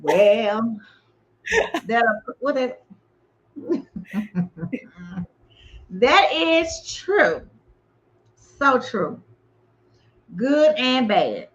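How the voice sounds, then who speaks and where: A woman's voice: a little high, sing-song, drawn-out words, pauses often, lo-fi sound. A woman hosting a podcast in casual chat. She reads the questions aloud and laughs often. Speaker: podcast host asking the questions.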